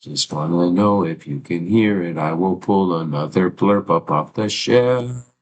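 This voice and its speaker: A man's voice: low voice, measured pace, slight background noise, rough recording. A man chatting casually on his own live stream, rambling and talking to himself while fixing his stream audio, with casual swearing. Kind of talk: casual solo livestream chat.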